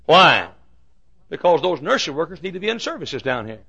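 A man preaching a fiery sermon, swinging from shouts to hushed asides. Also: a little high, very animated, a little fast, vocal fry, husky, highs cut off. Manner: fiery preaching with sudden shouts and drops to quiet. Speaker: pastor.

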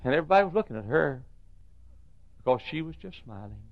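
A male pastor preaching a sermon in a church, swinging from near-whispers to shouts. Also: fairly high pitch, very animated, quick pace, no room sound, lo-fi sound. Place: church sanctuary.

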